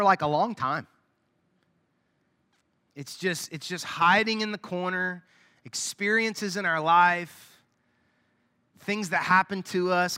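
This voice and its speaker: A man with a high, bright voice preaches to his congregation in a casual, chatty way. He often slips into soft, quiet asides. His voice rings with the long reverb of a large church hall. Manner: conversational preaching with sudden drops to soft asides. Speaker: pastor. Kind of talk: sermon.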